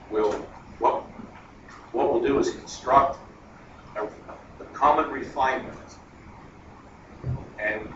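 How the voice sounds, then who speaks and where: A man giving a math lecture at a board, chatty and digressive, thinking aloud as he goes. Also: on the low side. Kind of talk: classroom lecture. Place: classroom. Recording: echoey classroom, distant lo-fi mic, noisy.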